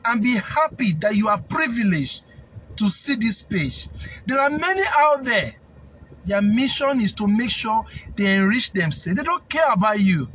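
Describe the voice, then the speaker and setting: A man's voice: high voice, expressive, unhurried, a bit bright, slightly rough, lo-fi sound. A man with a Nigerian accent, a snail farming consultant, giving a defiant, preachy rant that repeats phrases for emphasis. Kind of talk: impassioned rant to camera.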